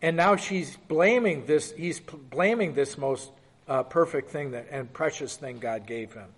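A man's voice: on the high side, lively intonation, unhurried, husky, big-room sound. A man leading a Bible study, reading scripture aloud and asking the group questions in a conversational way. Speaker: Bible teacher. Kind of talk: interactive Bible study teaching.

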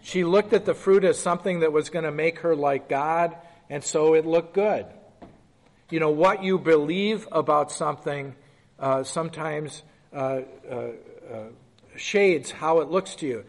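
A man with a fairly high voice leads a Bible study in a large hall, speaking unhurriedly. He reads scripture aloud and puts questions to the group in a conversational manner, teaching interactively.

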